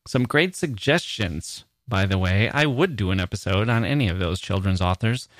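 A man's voice: on the low side, lively intonation, moderate pace, a bit bright, dry recording, studio quality. A male American podcast host reading listener mail aloud, breaking off for playful, joking asides. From United States.

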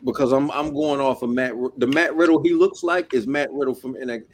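A man's voice: medium pitch, brisk, a little hiss or hum. A man co-hosting a podcast in casual chat, rambling and profane, often repeating himself. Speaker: podcast co-host.

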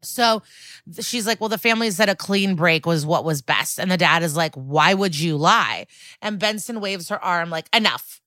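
Woman on a podcast, low-ish bright voice, super animated retelling, dry close mic. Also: normal speed, dry recording. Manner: animated retelling with acted-out quotes and laughs. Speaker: podcast co-host recapping episodes. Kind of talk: casual chat.

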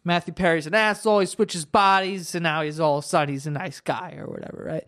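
A man on a podcast rambles through excitable stories in relaxed, casual chat. He restarts his sentences often and drops swear words as he gets worked up. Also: a little high, quick pace. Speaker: podcast co-host.

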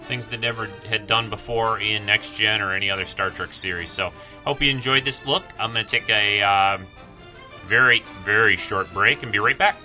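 A man hosting a review show in a relaxed, unhurried way, with fillers along the way. His voice is fairly low but very bright and sharp. Faint music plays behind him. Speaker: show host. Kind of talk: casual review monologue.

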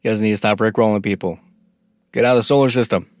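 A man with a fairly low voice talks through a casual podcast. He reads from notes in a halting way, keeps restarting his sentences and throws in jokes. His voice is close and dry. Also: steady tone, no echo. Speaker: podcast co-host. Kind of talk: casual conversational podcast chat.

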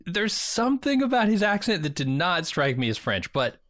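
A man's voice: high voice, very animated, normal speed, fairly bright tone, no room sound, studio quality. A man co-hosting a podcast in casual chat, with a wry, sarcastic manner. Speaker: podcast co-host.

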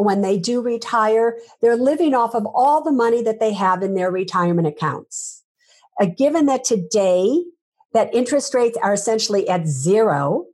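A woman's voice: mid-range voice, a little mellow, husky. A woman, a finance author, giving emphatic interview answers full of rhetorical questions.

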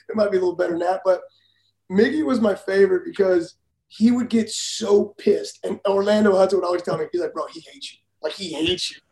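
High-voiced, laughing former pitcher. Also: male voice, a little mellow, reverberant, low-quality recording. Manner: blunt, profane, laughs while telling stories. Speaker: former major league pitcher, guest. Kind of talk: casual storytelling.

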